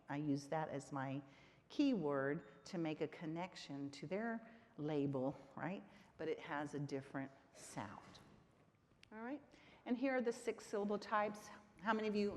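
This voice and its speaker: A woman's voice: on the low side, slight background noise. A woman giving a conference lecture on literacy teaching, engaging the audience with frequent "right?" checks. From Texas. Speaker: conference presenter on literacy instruction. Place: conference hall. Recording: reverberant hall.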